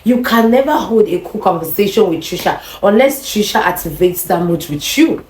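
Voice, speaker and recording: A woman's voice: mid-range voice, moderate pace, a little hiss or hum. Nigerian woman telling a story in a roomy echo. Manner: animated, addresses the viewers directly. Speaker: vlogger. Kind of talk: storytime monologue.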